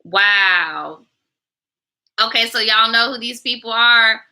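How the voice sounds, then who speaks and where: A woman's voice: fairly high pitch, takes it slowly, bright, forceful tone, low-quality recording. A woman hosting a storytime channel, reacting to a viewer's story in blunt, slangy, profane casual chat. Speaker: storytime YouTuber reading viewer stories.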